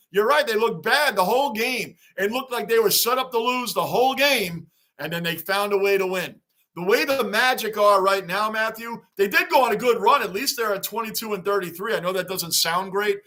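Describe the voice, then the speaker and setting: A man hosting a live sports reaction stream, rambling excitedly and reading fan chat aloud. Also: high voice. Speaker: livestream host.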